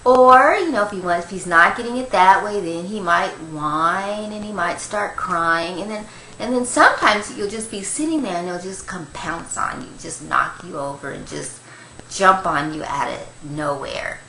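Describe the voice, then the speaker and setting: An older woman, a grandmother, giving a gentle, rambling devotional talk on Christian meditation, with many fillers. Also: on the low side, expressive, moderate pace, roomy sound, low-quality recording.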